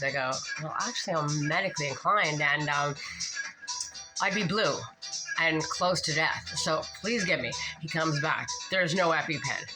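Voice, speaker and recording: A woman's voice: low-pitched, moderate pace, over music, poor audio. A woman vlogger telling a meandering personal story, drifting between English and French with many fillers. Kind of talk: rambling personal storytelling vlog.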